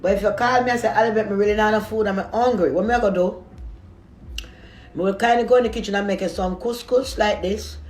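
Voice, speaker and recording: Brisk and steady in tone, this high-sitting male voice belongs to a food vlogger who rambles casually to viewers as he eats, often speaking through a mouthful between bites. The room he's in is echoey.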